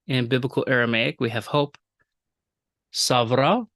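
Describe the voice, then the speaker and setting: A man teaching a recorded language lecture, explaining rules with fillers and repeating example words slowly. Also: mid-range voice, vocal fry, a bit bright, no room sound, studio quality. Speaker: professor.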